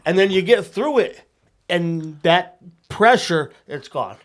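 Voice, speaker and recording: A man with a somewhat high voice talks through an idea on a casual podcast. He restarts his sentences and circles around his point in a reflective way. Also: expressive, takes it slowly. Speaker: podcast co-host in recovery. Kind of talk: casual chat.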